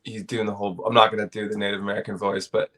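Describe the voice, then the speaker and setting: A man's voice: fairly low pitch, level tone, very fast, a bit bright. Laughing, profane storytelling man. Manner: laid-back, profane storytelling with frequent laughter. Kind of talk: casual podcast conversation.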